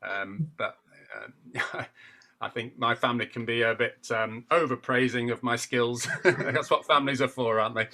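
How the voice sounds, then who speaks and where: Bright-toned man, reflective and self-deprecating. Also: medium pitch, normal speed. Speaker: poet guest. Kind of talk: casual interview chat.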